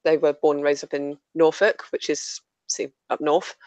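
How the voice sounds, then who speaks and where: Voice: mid-range voice, steady tone, moderate pace, darkish tone, no room sound, highs cut off. A guest from southern England whose accent has picked up some Scouse, chatting casually and laughing easily between many fillers. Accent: southern English with some Scouse. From England, Buckinghamshire. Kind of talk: casual streamed chat.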